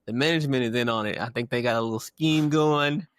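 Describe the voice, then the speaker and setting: A man co-hosting a casual podcast, reacting with expressive disbelief. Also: mid-range voice, quick pace, no echo, clean studio sound. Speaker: podcast co-host.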